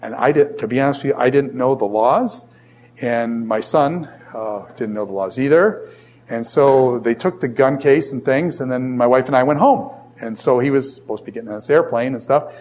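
A middle-aged man, a college professor, telling a personal story in a classroom lecture, rambling and animated with lots of fillers. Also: medium pitch, moderate pace.

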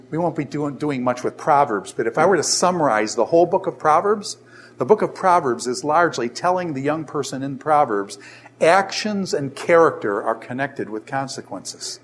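A middle-aged man lecturing a class on Scripture, often throwing rhetorical questions at his students. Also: mid-range voice. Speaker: Bible teacher.

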